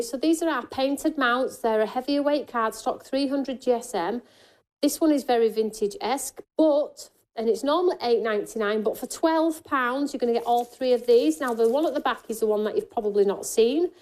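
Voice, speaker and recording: A woman hosting a live craft shopping show, chatty and jokey as she pitches deals and reads viewer comments. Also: a little mellow.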